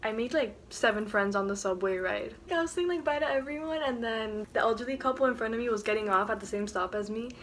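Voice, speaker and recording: Speaking fast with few pauses, this young adult woman has a fairly high voice and a faint hiss or hum behind her. She's filming a casual story time vlog in her dorm at night, retelling events animatedly and packing in filler words like "like."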